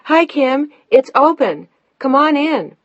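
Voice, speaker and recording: Narrator doing an earnest young heroine for an audiobook, raised higher, a bit husky. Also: female voice, normal speed, dry recording, muffled recording, close to an everyday voice. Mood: calling. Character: emotional pregnant young woman, the heroine.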